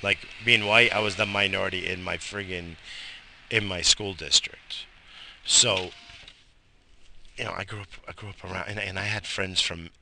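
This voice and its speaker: A young man from Long Island rambles through a casual, profane monologue, a little high, circling back and restarting his thoughts. His voice is low and gravelly but has a sharp, bright edge. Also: steady tone, normal speed, pauses often, slight background noise. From Long Island, New York. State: slightly high. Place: outdoors in bright sun.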